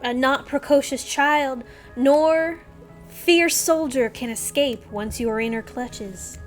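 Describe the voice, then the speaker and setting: A young woman streamer reading game dialogue aloud, swinging between loud outbursts and hushed storytelling. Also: high voice, slow, faint music behind.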